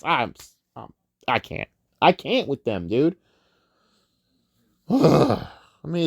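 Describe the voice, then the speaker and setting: A man's voice: fairly high pitch, dry recording, clean studio sound. A man giving a casual, profane, rambling film review rant. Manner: profane, rambling, animated ranting. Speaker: movie reviewer.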